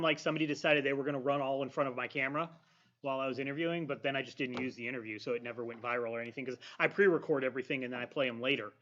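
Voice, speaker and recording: Brief: podcaster man, slightly high voice, steady recounting, dull lo-fi sound. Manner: steady, detailed anecdote telling. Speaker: podcaster and streamer. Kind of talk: casual panel chat. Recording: dull lo-fi audio.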